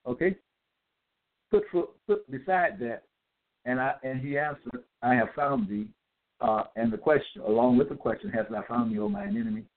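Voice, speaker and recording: A man delivering a scripture-citing monologue, reading out verse references and pausing to ask "okay?" as he goes. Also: medium pitch, expressive. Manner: deliberate, checks in with "okay?"; spells out capitals, hesitant fillers. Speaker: self-styled religious teacher. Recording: tinny phone-like audio.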